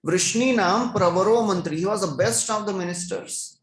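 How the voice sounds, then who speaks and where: A man's voice: high voice, moderate pace. Man giving an echoey devotional scripture class. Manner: chants verses, then explains them.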